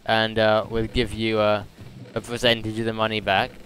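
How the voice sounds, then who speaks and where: A man's voice: on the low side, monotone, normal speed, fairly bright tone, a little hiss or hum. A young British man streaming a game, chatting in a rambling, jokey way full of fillers. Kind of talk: casual gaming stream chat.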